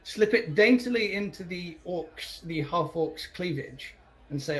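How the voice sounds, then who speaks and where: A man playing a tabletop game, playful and quick to speak in character. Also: a little high, animated, a bit bright, poor audio. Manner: playful, slips into character lines. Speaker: player. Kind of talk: casual tabletop role-play.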